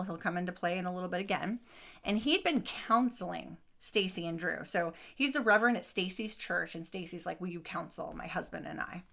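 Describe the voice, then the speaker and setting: Female podcast host, crisp-toned, casual true crime storyteller with a blunt, profane streak. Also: fairly low pitch. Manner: expressive, swears, frequent asides and restarts.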